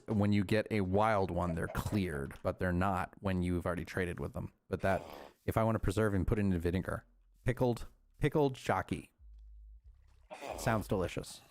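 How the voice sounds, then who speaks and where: Chuckling often, a deep-voiced man streams a game and keeps up a casual, rambling chat with himself. There is slight background noise.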